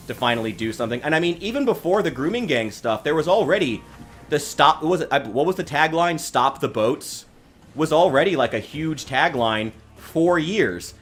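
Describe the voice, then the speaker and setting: A man's voice: mid-range voice, a bit bright. A man giving rambling casual commentary on a stream, angry and swearing, often stopping to restart his sentences. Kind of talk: casual commentary reacting to news.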